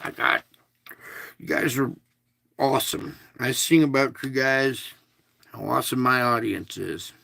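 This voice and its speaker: A man's voice: mid-range voice, measured pace, gravelly, long pauses, sharp tone. A man hosting an online devotional, reading aloud with casual asides and stressing single words. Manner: casual, chatty.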